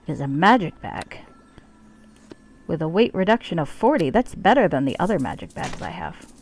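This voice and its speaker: A woman's voice: lowish voice, big pitch swings, moderate pace, gravelly, a little mellow. A woman streaming a role-playing game, with wry, joking asides. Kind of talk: casual let's-play commentary.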